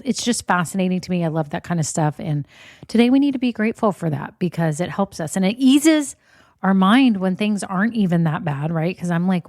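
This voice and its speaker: A woman hosting her own podcast in a chatty, upbeat way, her voice a bit scratchy and hoarse from a swollen voice box. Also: on the low side, darkish tone, dry recording, studio quality. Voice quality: slightly scratchy voice. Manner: chatty and upbeat, says y'all. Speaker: podcast host. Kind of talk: casual solo podcast talk.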